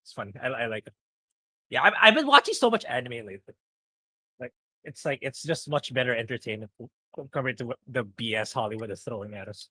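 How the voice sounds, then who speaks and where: Man co-host, bright forceful tone, laughs easily, dry close recording. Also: medium pitch, lively intonation, a little fast, husky, no room sound. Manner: laughs often, repeats words. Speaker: podcast co-host. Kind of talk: casual chat.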